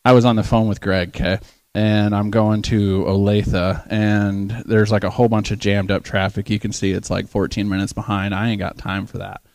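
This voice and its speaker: A young man preaching in church, telling a story with lively acted-out voices and frequent laughs. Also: lowish voice, moderate pace, dry recording. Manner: animated, acts out voices in his story, laughs often. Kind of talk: storytelling sermon.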